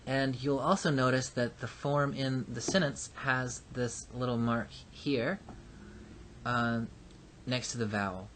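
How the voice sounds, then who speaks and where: A man lecturing slowly and patiently, stopping often with small fillers as he works through each point. His voice sits at an ordinary middle pitch. A faint hum runs under the recording. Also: fairly bright tone. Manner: slow, patient explaining with fillers. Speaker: teacher.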